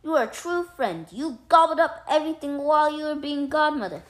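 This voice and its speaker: A woman voicing a fretful, suspicious little female mouse in a storybook tale, with shrill, indignant exclaiming. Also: lively intonation, normal speed, close to an everyday voice. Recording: roomy echo.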